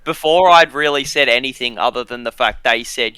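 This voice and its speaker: Young Aussie male co-host, rambling sweary storyteller, crisp bright voice. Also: medium pitch, fairly quick, no echo. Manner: sweary, filler-heavy storytelling. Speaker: podcast co-host. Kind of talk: casual storytelling chat.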